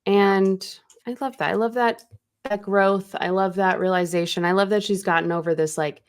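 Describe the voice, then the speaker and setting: A woman's voice: medium pitch, steady tone, normal speed. A woman co-hosting a casual book podcast, chatting with many fillers and reading passages aloud. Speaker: podcast co-host.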